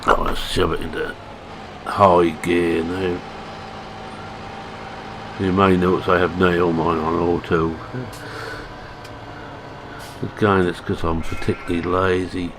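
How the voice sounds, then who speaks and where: A man's voice: low-pitched, level tone, slow, long pauses. A man with a Scottish accent giving casual, self-deprecating commentary while playing a farming game, thinking aloud as he goes. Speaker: gaming channel host. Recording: game engine and vehicle noise behind.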